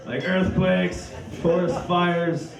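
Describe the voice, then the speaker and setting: On a comedy club stage, a man performs a crude, rambling stand-up set full of self-deprecation, his high, creaky voice steady and slow. The echoey room, distant mic, and audience laughter come through in the recording.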